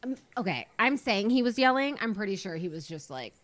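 A woman from Boston co-hosting a casual chat, animated and quick to laugh as she tells rambling stories. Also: mid-range voice. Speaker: podcast co-host.

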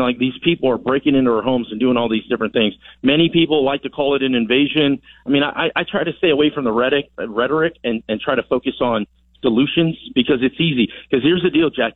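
A man speaks over a thin telephone line with no room sound at all. He answers with emphatic, rallying conviction, pressing his points by repeating words. His pitch sits in an ordinary middle range. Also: dry recording. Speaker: congressman as phone-in guest. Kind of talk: radio interview answers. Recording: dry tinny phone line.

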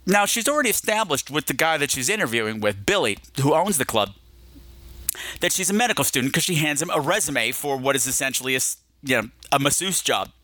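A man's voice: fairly high pitch, very animated, fairly quick, bright, forceful tone, dry recording. A man hosting a casual film review chat, playful and digressive, sometimes slipping into silly voices. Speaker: film podcast host.

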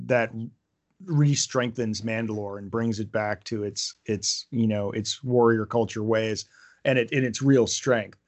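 Rambling male podcast co-host. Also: medium pitch. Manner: rambling, restarts thoughts, playful quips. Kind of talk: casual fan podcast chat.

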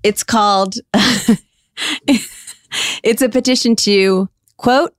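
A woman's voice: mid-range voice, extremely slow, dry recording, studio quality. A British woman co-hosting a podcast in casual chat, laughing often as she reads petitions aloud. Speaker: podcast co-host.

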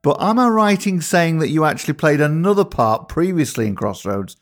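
A male interviewer asking questions slowly, with pauses. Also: a little high, lively intonation. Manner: slow, halting questions.

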